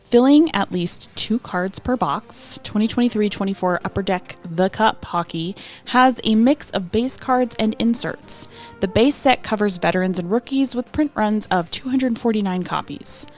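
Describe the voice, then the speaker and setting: A woman's voice: medium pitch, moderate pace, soft background music. A woman co-hosting a podcast, reading out release details and adding dry asides. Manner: reads details, then adds dry asides. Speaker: podcast co-host.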